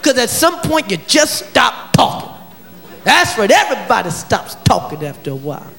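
A male stand-up comedian doing a loud, shouting routine for a live audience. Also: very high-pitched, sing-song, normal speed, vocal fry. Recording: live club with crowd laughter.

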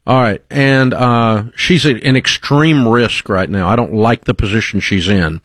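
A man's voice: mid-range voice, a little slow, fairly bright tone, dry recording. A man hosting a call-in show, giving blunt, emphatic money advice like a coach.

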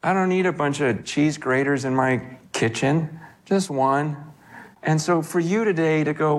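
A man preaching in a loose, conversational way, with a voice that sits high for a man. He is lively and animated and slips into the voices of the people he quotes. It feels like talking with the congregation more than preaching at them. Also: moderate pace. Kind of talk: sermon.

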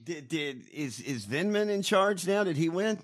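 A man's voice: on the high side, lively intonation, unhurried. A man co-hosting a podcast, ranting and mocking in casual, profane political banter. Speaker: podcast co-host.

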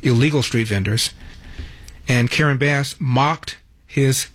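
A man's voice: medium pitch, slow, no room sound. A man hosting a talk radio show from a studio, delivering an emphatic opinion monologue with sarcastic asides.

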